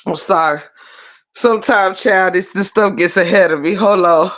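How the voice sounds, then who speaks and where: A woman hosting a channel, chatting casually and telling a story in a lively, vernacular way. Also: medium pitch, moderate pace, lo-fi sound. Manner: animated storytelling with Black American vernacular. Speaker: channel host. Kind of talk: casual reaction commentary.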